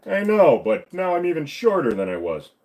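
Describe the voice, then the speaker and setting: Man putting on a shouting cartoon cop, pushed up high and strained, stuffy-voiced, swings up and down. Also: huge pitch swings, normal speed. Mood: whiny. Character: gruff, loud middle-aged male cartoon cop.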